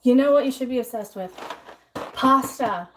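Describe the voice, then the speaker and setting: A woman with a slightly high voice hosts a relaxed cooking livestream. She chats freely, thinking aloud about the recipe and answering her viewers as she goes. Her talk is loose and informal, full of small asides. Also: normal speed, slight background noise. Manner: chatty, talks to herself and answers chat while cooking. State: out of breath at times. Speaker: livestream host. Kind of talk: casual cooking livestream chat.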